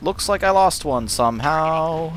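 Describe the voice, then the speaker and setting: Slow, lively-voiced man doing game commentary. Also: on the high side, background noise. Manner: muttering, joking, swearing. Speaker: let's play host. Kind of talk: casual gameplay commentary. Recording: game music and mech sounds behind. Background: game music.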